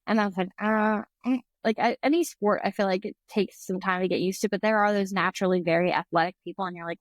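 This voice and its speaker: A woman's voice: medium pitch, fairly even intonation, fast talker, few pauses, no echo. A woman in her twenties, a podcast guest chatting casually and often saying "like". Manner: chatty, fills speech with "like". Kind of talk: casual chat.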